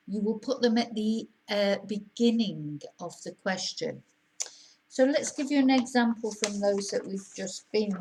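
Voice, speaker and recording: A woman's voice: medium pitch, poor audio. A woman language teacher giving an online lesson, explaining carefully and repeating her examples.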